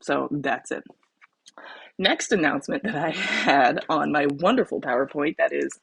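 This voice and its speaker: A woman with a Southern US accent and a low, husky voice with vocal fry hosts a casual livestream. She's chatty and laughs at herself, self-deprecating as she talks.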